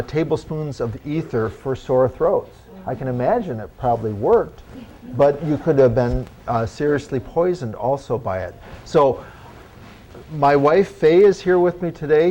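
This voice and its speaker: This is an older man from Northwest Ohio, speaking with the accent of that area. He chats with a meeting audience in a folksy, joking manner. His pitch sits in an ordinary middle range. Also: a little mellow. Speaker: guest speaker, historical re-enactor. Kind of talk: casual talk to an audience. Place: hotel meeting room.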